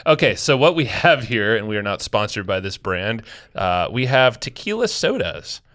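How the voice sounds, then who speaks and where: A man with a lowish voice co-hosts a podcast, recorded on a studio microphone in a small office studio. He keeps things loose and excitable, cracking jokes and laughing often through the casual chat. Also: normal speed. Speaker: podcast co-host.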